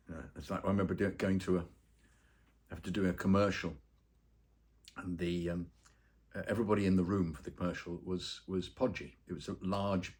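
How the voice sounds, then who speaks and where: A man's voice: deep voice, darkish tone. A man, an actor and voice-over artist, telling stories in a casual interview, rambling with many fillers and acting out the people he quotes.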